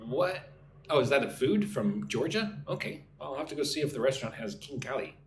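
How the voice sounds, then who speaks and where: American guy teaching english online, chatting on a live stream, lively up-and-down voice, echoey room. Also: medium pitch, a little fast. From United States. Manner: chatty, reads viewer comments aloud and answers them. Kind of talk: casual live-stream chat. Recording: roomy sound with faint ambient noise.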